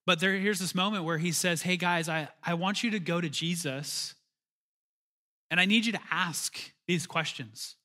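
A man's voice: high voice, moderate pace, pushed and bright. A man preaching a conversational sermon as pastor, calling for amens and building to emphatic bursts.

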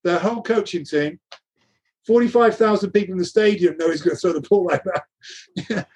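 With a high-pitched, darkish voice that has a breathy edge, a middle-aged guest recounts his coaching career at a moderate pace. The storytelling is animated, full of laughter and acted-out quoted dialogue.

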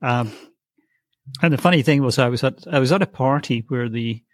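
A man's voice: mid-range voice, moderate pace, no echo. Hesitant, dry-sounding middle-aged man. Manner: hesitant, many fillers and restarts, wry chuckles. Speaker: psychic guest. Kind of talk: conversational storytelling.

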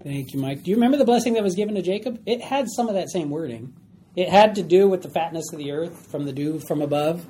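A man's voice: on the high side, mellow, slight background noise. A man leading a Bible study, explaining verses plainly and now and then acting out the characters' lines. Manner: explains plainly, acts out voices.

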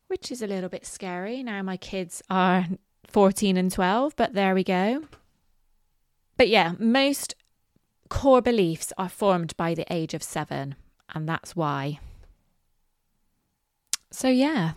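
A woman's voice: mid-range voice, dry recording, clean studio sound. A woman in her forties hosting a solo podcast, chatty and self-deprecating. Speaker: podcast host. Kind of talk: casual solo podcast talk.

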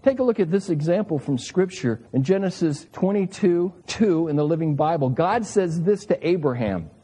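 An older man in his sixties delivering a sermon, earnest and emphatic, fond of rhetorical questions. His voice sits a touch high for a man yet sounds mellow and warm. It rings out with a long reverb, as in a big church hall. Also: expressive, moderate pace, breathy edge. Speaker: preacher.

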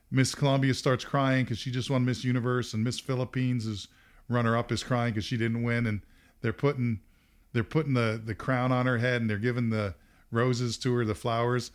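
Middle-aged male podcast host, mid-pitched, lively storyteller who laughs a lot. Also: normal speed. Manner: animated, laughs often, acts out quotes. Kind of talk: casual storytelling.

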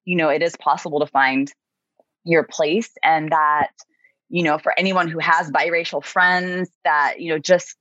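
A woman guest on a podcast talks earnestly and reflectively in casual conversation, saying "you know" a lot. Her deep voice is steady, unhurried and a bit bright. The remote recording is muffled and dry, with no echo.

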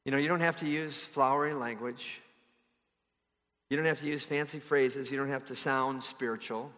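A man's voice: mid-range voice, fairly even intonation, normal speed, a bit bright, long reverb tail. A man preaching a sermon in a conversational way, now and then mimicking others in exaggerated voices. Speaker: pastor.

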